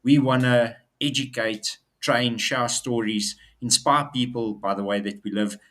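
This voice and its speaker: A man's voice: medium pitch, steady tone, unhurried, fairly bright tone. Upbeat man co-hosting. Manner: upbeat, talks in loose run-on sentences with fillers. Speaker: co-host. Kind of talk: casual business chat show.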